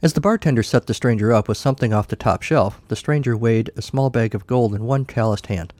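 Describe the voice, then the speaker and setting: A man's voice: medium pitch, brisk, darkish tone, no room sound. A man narrating a comic short story in a wry, dry way.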